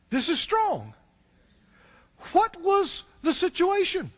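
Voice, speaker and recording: A man's voice: very high-pitched, huge pitch swings, slow, pauses often, fairly bright tone. A male pastor giving a sermon in a conversational way, often asking the congregation questions and repeating words as he restarts.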